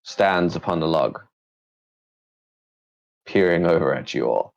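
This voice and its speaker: A man narrating as game master, laying out scenes for a tabletop game. His voice is very deep and comes through a slightly dull, lo-fi recording. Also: expressive, measured pace, vocal fry. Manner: descriptive, scene-setting narration.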